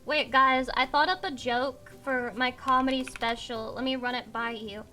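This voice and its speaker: A woman's voice: high voice, steady tone, normal speed, bright, forceful tone. A young adult woman streaming live, bantering with chat in a brash, swearing way. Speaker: VTuber streamer.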